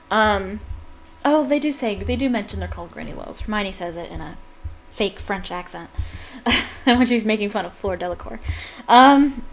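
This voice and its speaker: A woman reading a novel aloud and breaking off into animated, ranting fan commentary. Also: medium pitch. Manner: animated, ranting, frequent laughs. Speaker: fan reader and book commentator. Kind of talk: casual read-aloud with commentary.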